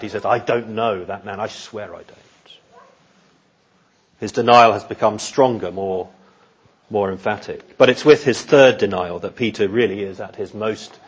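A man preaching an expository sermon in an earnest, measured way, often repeating words as he thinks. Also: fairly low pitch, breathy edge, highs cut off.

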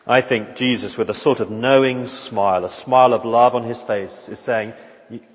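A man's voice: medium pitch, steady tone, moderate pace. Man pastor, earnest sermon, long hall echo, dull lo-fi recording. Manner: earnest, emphatic repetition and frequent restarts.

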